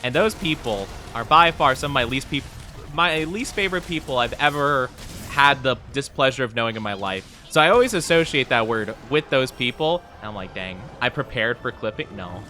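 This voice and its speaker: A man's voice: medium pitch, expressive, normal speed, bright, forceful tone, faint music behind. A man streaming a game, chatting casually with his viewers in playful, self-deprecating banter. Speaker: gaming streamer. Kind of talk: casual live-stream chat while gaming.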